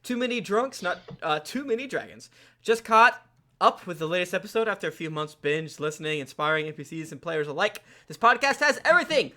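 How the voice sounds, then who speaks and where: Male podcast host, high and bright, playful jokey reader. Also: lively intonation, a little fast. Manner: playful, jokey reading with bursts of loud emphasis. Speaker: podcast host reading listener reviews. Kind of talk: casual comedic podcast banter.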